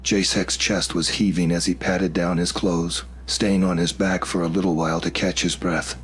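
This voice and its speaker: Low voiced guy narrating a scary story, calm and steady. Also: normal speed, slightly rough. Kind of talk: scripted narration.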